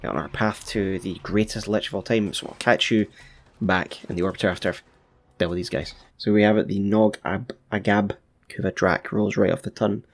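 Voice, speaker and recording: A man chats through his gaming session in a relaxed, unscripted way, tossing in playful asides. His voice sits low with a gravelly edge. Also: moderate pace. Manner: chatty, laid-back, with frequent fillers and playful asides. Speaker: gaming YouTuber. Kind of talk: casual gameplay commentary.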